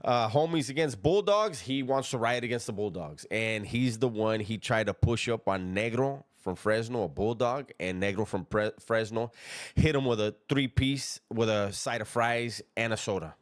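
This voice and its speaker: A man telling a prison story in a relaxed, slangy, conversational way, chuckling at his own tale and dropping low and hushed on asides. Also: moderate pace, no room sound, studio quality. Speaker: storyteller recounting prison life. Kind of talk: casual spoken storytelling.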